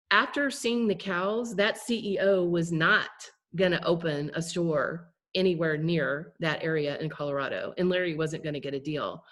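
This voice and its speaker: A woman with a slightly low voice walks her class through a story during a video call. She talks conversationally and keeps checking in with her listeners. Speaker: class presenter. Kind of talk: storytelling lesson.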